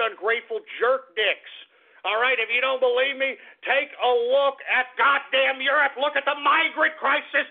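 A man hosting a talk radio show, ranting profanely with shouting outbursts and grumbling asides. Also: extremely high pitch, gravelly. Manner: profane, shouting angry rants that drop to grumbling. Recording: tinny phone-like radio audio.

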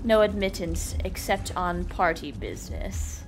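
A woman's voice: on the low side, a little slow. A woman doing casual let's-play commentary over a video game, exclaiming and joking at her own expense. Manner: excitable, exclaiming and joking at herself. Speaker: gamer playing through a video game. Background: game music and sound effects.

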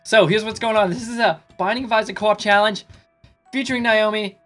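A slightly drunk man giving casual let's play commentary, excitable and swearing in sudden panicky outbursts. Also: sits high, fairly quick, faint music behind. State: tipsy. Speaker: gaming YouTuber.

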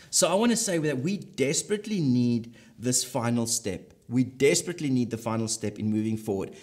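A man's voice: on the high side, animated, moderate pace, a little mellow. Emphatic man preaching. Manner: emphatic, repeats key phrases for effect. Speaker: pastor. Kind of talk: sermon.

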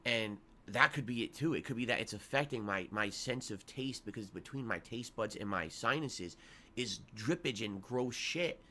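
A man's voice: mid-range voice, lively intonation, moderate pace, pushed and bright, slight background noise. A man with a congested nose giving viewers a rambling, complaining update on his illness. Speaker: streamer. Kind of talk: sick-day update to viewers.

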